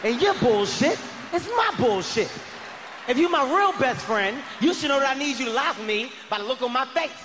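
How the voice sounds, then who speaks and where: A man in his thirties doing a loud, profane stand-up comedy routine on stage, shouting his punchlines. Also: extremely high pitch, lively intonation, normal speed, background noise. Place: large comedy venue on stage. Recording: live hall reverb, faint crowd ambience.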